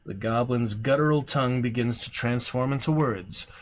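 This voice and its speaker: A man streaming a gamebook, reading the story slowly and steadily, with quiet mumbled asides to himself. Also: mid-range voice, a little hiss or hum.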